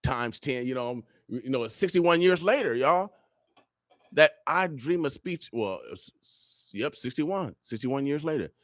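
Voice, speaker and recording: A man's voice: medium pitch, lively intonation, measured pace, fairly bright tone, no room sound. Fiery preacher-like man, dry studio. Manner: fiery and preacher-like, with many repeated phrases. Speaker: radio show guest speaker. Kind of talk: preaching radio monologue.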